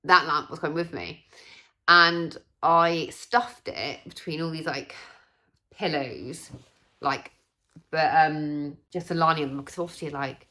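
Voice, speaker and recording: A young woman from England telling a story in a chatty vlog, acting out what people said. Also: sits low. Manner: chatty, animated, acts out quoted voices. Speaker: vlogger. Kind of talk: casual storytelling.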